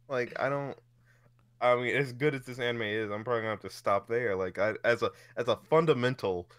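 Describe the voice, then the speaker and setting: Male podcast co-host, bright dry voice, animated and profane in casual banter. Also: mid-range voice, moderate pace, pauses often, no echo. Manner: animated, swearing, laughing storyteller. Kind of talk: casual chat.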